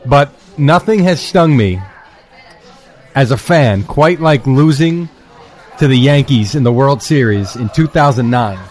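A man chatting as a podcast guest in a bar, telling stories in a relaxed, self-deprecating way. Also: medium pitch, a little slow. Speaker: podcast guest, football reporter. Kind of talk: casual chat.

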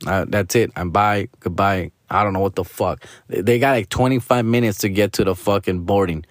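A man's voice: on the low side, steady tone, brisk, no room sound, clean studio sound. Rambling, profane storytelling man. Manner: rambling, profane, slangy, switching into Spanish.

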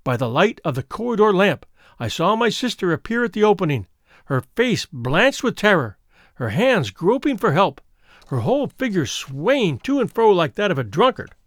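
A man's voice: high voice, big pitch swings, normal speed, no echo. Man reading frightened young woman, storybook telling, earnest, dry close recording. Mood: fearful. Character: frightened young woman recounting her twin's death. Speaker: audiobook reader.

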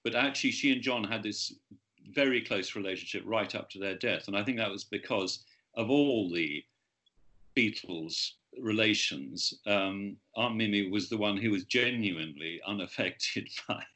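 A man's voice: on the low side, normal speed, pushed and bright. A man, an author, talking about his book in an interview, hesitant with many restarts.

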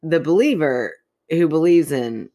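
Low-voiced woman podcast co-host. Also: lively intonation, a little slow, mellow. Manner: laughs often, dramatic story reading. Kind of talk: casual chat, reading a listener story aloud.

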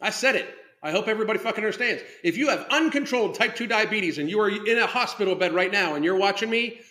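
A man rants at his livestream audience in a high, bright voice, cursing almost every sentence. His delivery is loud and confrontational. The sound is roomy and echoey, like a bare room at home. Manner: profane, loud and confrontational, swearing constantly. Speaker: livestream host. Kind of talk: ranting livestream monologue.

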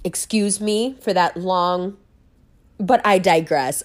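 A woman telling a story in a casual monologue, blunt and animated, swearing freely and laughing often. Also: fairly low pitch, slow.

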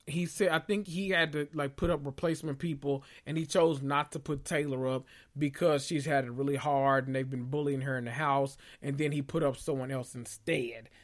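A man from the South, hosting a podcast in casual, opinionated chat with dramatic swings in pitch. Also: fairly bright tone. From Southern United States. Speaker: podcast host.

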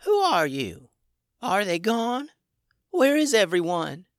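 A man voicing a small, injured young male black dragon who talks in a shaky, halting, frightened way. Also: huge pitch swings, no echo, clean studio sound, full character voice. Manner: shaky, breathless, high and halting.

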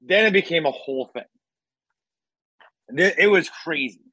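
A man in casual chat, telling a radio story with lively acted-out quotes and casual swearing. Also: fairly high pitch, normal speed, no echo, rough recording.

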